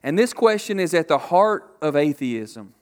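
A man preaching a sermon to a congregation, asking rhetorical questions and acting out loud quotes. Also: fairly high pitch, sing-song, unhurried. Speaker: pastor.

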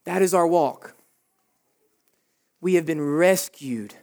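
A youth pastor preaching a sermon in church, emphatic and animated, addressing the teenagers directly. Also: mid-range voice, slow pace.

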